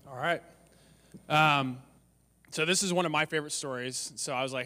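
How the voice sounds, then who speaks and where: A man as guest storyteller at a church, speaking in a relaxed, conversational way. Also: mid-range voice, moderate pace, pauses often, in a large hall. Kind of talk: casual introduction before storytelling.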